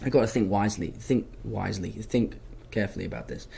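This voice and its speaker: A young man, an actor answering fan questions in a casual live chat, telling stories in an animated, self-mocking way. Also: lowish voice, fast talker, creaky, a little hiss or hum.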